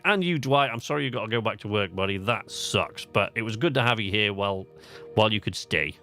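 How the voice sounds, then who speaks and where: Gravelly, lively man streaming a game. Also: lowish voice, brisk, faint music behind. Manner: chatty, enthusiastic, with fillers. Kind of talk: gaming livestream commentary.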